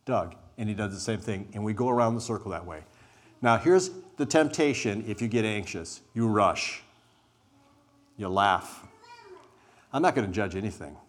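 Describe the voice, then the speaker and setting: A man leading a group through a spoken exercise, talking deliberately and emphatically, with weighted pauses. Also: on the low side, expressive. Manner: says he is an introvert. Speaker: group workshop leader.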